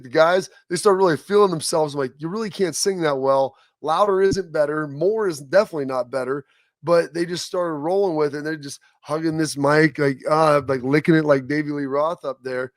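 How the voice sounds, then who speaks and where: A male host tells a loose, rambling story, restarting his sentences as he goes. His voice sits slightly high, and the recording is close and dry. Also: dry recording. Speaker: show host. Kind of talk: casual chat.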